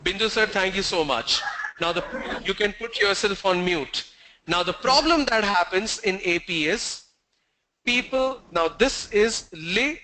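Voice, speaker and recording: A man's voice: high-pitched, unhurried, pushed and bright, slight background noise, poor audio. A man giving an online pronunciation lesson, who drills word lists sound by sound and tells stories to the class over a video call. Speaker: pronunciation trainer.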